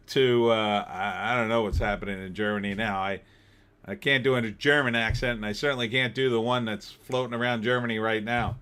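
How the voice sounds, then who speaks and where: A man with a fairly low voice hosts a relaxed livestream. He chats loosely about his week and reads viewer comments aloud as he goes. He sounds middle-aged and is from New Jersey. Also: brisk, clean tone. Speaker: livestream host. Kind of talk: casual livestream chat reading comments.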